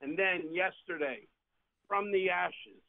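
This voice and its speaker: A man's voice: high-pitched, takes it slowly, creaky, a little hiss or hum. A man in his sixties calling in to a sports radio show, sentimental and choked up with emotion. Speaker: caller. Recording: tinny phone line.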